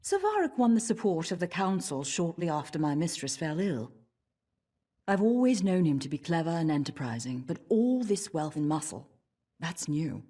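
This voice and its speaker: Stern elf steward, video game, low voice, husky, wide pitch swings, formal measured delivery. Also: female voice, very animated, dark tone, full character voice. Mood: grave. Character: stern dark elf woman, tower steward. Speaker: game character.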